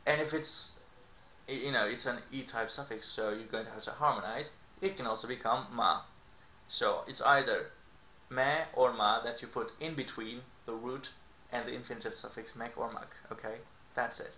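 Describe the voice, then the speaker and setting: A man's voice: medium pitch, normal speed, bright, forceful tone. A man explaining grammar in an online language lesson, checking in with frequent "okay?" asides. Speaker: language teacher. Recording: echoey room with faint noise.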